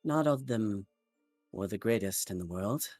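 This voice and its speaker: A man voicing a stern male wizard who slowly recounts his past in measured phrases with long pauses. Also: lowish voice, animated, darkish tone, dry recording, studio quality, soft background music. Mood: solemn. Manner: slow, measured storytelling with pauses.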